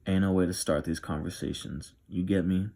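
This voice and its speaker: A brash young man in charge, rough and slangy in how he talks, voiced by a man reading aloud. The voice sits very low with a gravelly edge. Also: steady tone, normal speed, dark tone. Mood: gruff. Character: brash gruff young male leader of boys.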